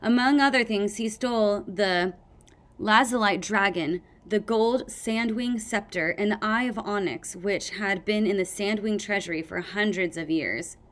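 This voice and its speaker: A woman's voice: mid-range voice, unhurried, natural voice. A woman reads as a bookish young male dragon from a storybook, gloomy and fond of lecturing. He sounds like the know-it-all of the class.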